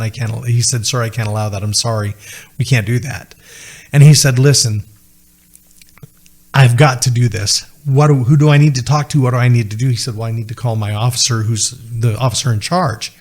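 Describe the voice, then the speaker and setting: A middle-aged man telling a personal story as a podcast guest, acting out the voices of the people he quotes. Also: medium pitch.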